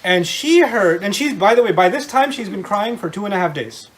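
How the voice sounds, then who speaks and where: A middle-aged man giving an animated religious lecture to a live audience, often quizzing his listeners with questions. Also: sits high, a little fast. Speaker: Islamic lecturer.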